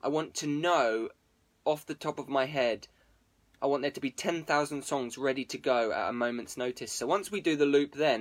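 A man's voice: mid-range voice, moderate pace. A man streaming to viewers as a musician, rambling casually with plenty of swearing and jokes. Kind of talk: casual livestream chat.

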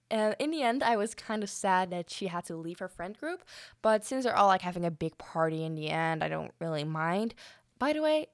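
A young woman talks through a film review on her own podcast in a loose, rambling way, full of fillers and quick apologies. Her voice sits on the low side. The recording is dry and close, with no room sound. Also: no echo. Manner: chatty, rambling, many fillers and frequent apologies. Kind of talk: casual solo podcast review.

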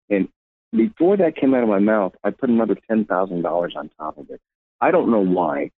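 A man with a fairly low voice tells his story at length, slipping into the voices of people he quotes. He is heard over a narrow, phone-like line. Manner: rambling anecdotal, acts out quotes. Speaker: musician guest. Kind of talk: interview storytelling.

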